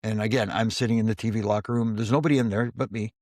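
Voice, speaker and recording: A man's voice: lowish voice, fairly even intonation, fast talker, darkish tone, no room sound, clean studio sound. A man, a former wrestling referee, telling casual backstage stories in an interview and acting out the dialogue. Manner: storyteller who acts out quoted dialogue in his tales. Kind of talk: casual anecdotal storytelling.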